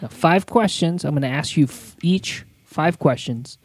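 A man hosting an improvised comedy quiz, asking questions with slow, drawn-out phrasing and chuckling between lines. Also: fairly high pitch, no echo. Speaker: quiz host.

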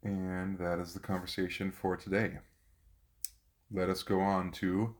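A man's voice: low-pitched, unhurried. A man hosting a podcast, chatting casually with fillers and reading a poem aloud. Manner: relaxed, thinking out loud with fillers. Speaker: podcast host. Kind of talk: casual chat and poetry reading.

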